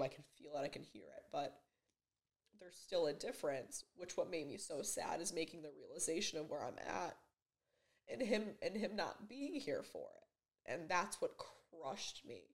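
A young woman in her twenties speaks to the camera in her bedroom for a personal vlog. Her voice sits a little low, and her emotional, halting delivery is full of fillers and restarts. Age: 20s. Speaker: vlogger. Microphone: camera mic.

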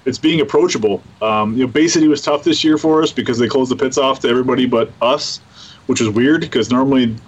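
A man hosting a casual chat about boat racing, talking in halting starts and repeating his words. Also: mid-range voice, breathy edge. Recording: slightly muffled audio.

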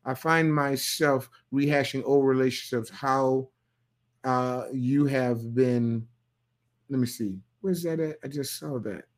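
Pastor guy talking aave, loose and folksy, reading viewer comments, gets loud sometimes, mid pitch. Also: slow pace. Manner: loose, folksy, playful, with sudden loud bursts. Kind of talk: livestream sermon talk reading viewer comments.

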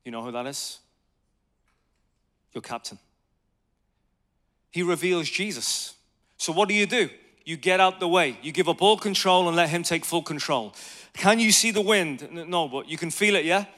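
A man in his thirties delivers a conversational sermon on evangelism, telling lively stories and putting questions to the audience. His voice is fairly high, at a normal speed, with frequent pauses.

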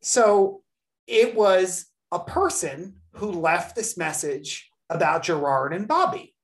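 A podcast host, this woman tells a long story in casual chat, animatedly acting out the people she quotes. Her voice is lowish, and she takes it slowly.

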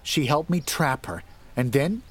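A man's voice: mid-range voice, lively intonation, measured pace, fairly bright tone, slightly rough, pitched above the performer's own voice. A man voicing a frightened wife who is haunted by her dead twin, speaking desperately and breaking into sobs. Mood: earnest.

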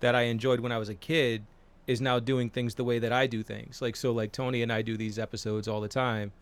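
Podcast co-host, forties, mid-pitched man, loose rambly delivery with lots of fillers and swearing. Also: level tone, fairly quick, clear, resonant tone. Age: 40s. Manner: rambling, profane, with many fillers. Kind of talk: casual chat.

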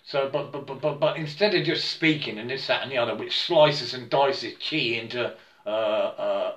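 A man's voice: mid-range voice, fairly bright tone, muffled recording. A man talking in a rambling spiritual monologue, stammering, repeating himself and often checking in with his listener. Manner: halting and repetitive, stammers and keeps asking "yeah?". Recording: roomy echo.

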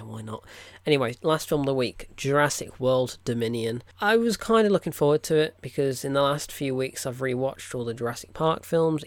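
A man's voice: medium pitch, dry recording. A man reviewing films in a casual, rambling vlog, full of "look" and "right?" asides. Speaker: film reviewer. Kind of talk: casual weekly film diary vlog.

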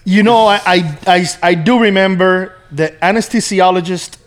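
A man chatting casually, relaxed and easygoing as he tells a story. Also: high voice, moderate pace. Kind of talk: casual chat.

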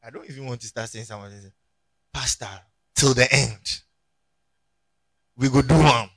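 A Ghanaian man preaching a sermon in church, telling stories and rising to loud emphatic peaks. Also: mid-range voice, normal speed, pauses often, slightly rough, dry recording. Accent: Ghanaian English. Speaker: pastor. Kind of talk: sermon with anecdotes.

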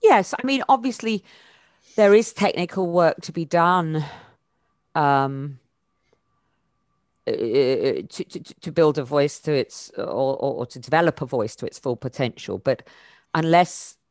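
A woman's voice: deep voice, unhurried, a little mellow, no echo, clean studio sound. A woman, a voice coach answering interview questions thoughtfully, with many fillers and restarts and sudden emphatic lifts.

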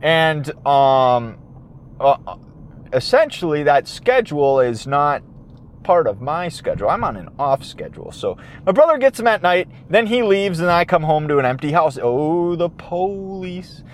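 A man hosting a podcast, telling a rambling story in casual chat from his car, animated and swearing, trailing off and restarting. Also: fairly high pitch, a little slow, a little hiss or hum. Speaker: podcast host. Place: in his car, parked then driving. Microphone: handheld audio recorder.

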